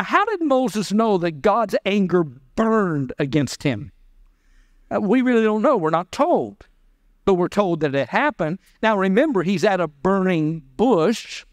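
A male pastor delivering a sermon with a high, smooth and resonant voice. He acts out the voices of scripture characters as he preaches. The sound is dry and close, with no room echo. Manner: preaching, acting out the voices of God and Moses. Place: church.

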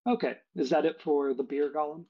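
Brief: casual male game master, husky voice, dull lo-fi mic. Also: on the high side, a little fast. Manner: relaxed, casual, frequent "uh". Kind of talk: running a tabletop game online. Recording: dull lo-fi recording.

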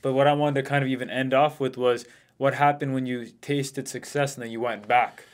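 A man's voice: mid-range voice, little pitch movement, brisk. A man hosting a podcast, steadily prompting his guest with questions and short agreements. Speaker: podcast host. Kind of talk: interviewing.

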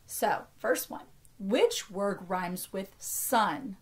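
A woman's voice: mid-range voice, animated, extremely slow. An American woman in her thirties, a teacher giving an early-grade reading lesson and carefully sounding out words for young children. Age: 30s.

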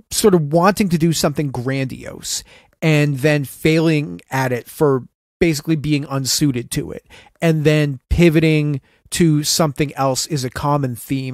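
A man's voice: on the high side, a little mellow, dry recording, clean studio sound. A young adult man co-hosting a podcast, telling a history story from his notes with casual asides. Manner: reads researched notes, conversational asides. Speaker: podcast co-host.

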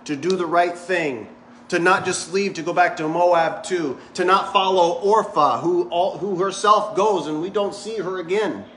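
A man's voice: a little high, moderate pace, fairly bright tone, slight background noise. A male pastor preaching a sermon in a church, conversational and full of jokes. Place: church sanctuary. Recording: echoey church hall.

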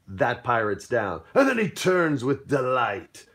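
A man's voice: mid-range voice, very animated, unhurried, a bit bright, slightly rough. Upbeat man running a tabletop game. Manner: upbeat, explanatory, playful. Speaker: game master. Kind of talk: explaining rules of a tabletop game.

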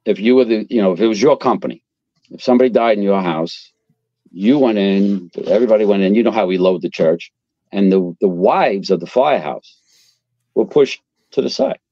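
A man's voice: lowish voice, a little fast, no room sound. An older man from Queens, a retired fire captain telling blunt, profane stories as an interview guest. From Queens, New York. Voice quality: blunt, profane, animated storyteller. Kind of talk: casual storytelling interview. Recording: dull lo-fi sound.

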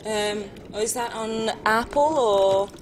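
A woman commentating her own live gameplay stream, excitable and often shrieking or laughing at the game. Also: fairly high pitch, takes it slowly, a crowd in the background. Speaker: game studio presenter. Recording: music playing behind.

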